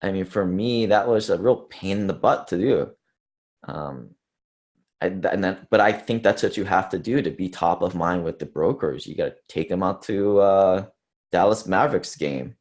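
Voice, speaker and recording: A man's voice: sits low, moderate pace, a little mellow. A man speaking casually at an investor conference, rambling with fillers and self-deprecating asides. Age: under 30s to early 40s. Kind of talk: casual presentation talk.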